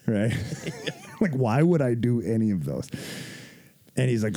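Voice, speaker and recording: A man's voice: mid-range voice, unhurried. A man casually telling a gym story on a podcast, swearing freely, laughing and acting out what people said. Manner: profane, laughing, animated retelling with quoted voices.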